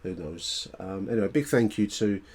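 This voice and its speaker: A man's voice: low voice, moderate pace, a little mellow, slightly rough. A man hosting a football podcast, chatty and a little hesitant, with frequent ums. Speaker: podcast host. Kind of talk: casual football podcast talk.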